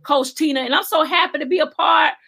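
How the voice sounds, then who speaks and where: A woman from Alabama with a Southern accent, hosting a chat show, expressive and full of faith talk. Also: high-pitched, fairly quick, vocal fry. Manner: expressive, faith-filled, acts out her own quotes. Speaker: show host. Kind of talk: casual interview chat.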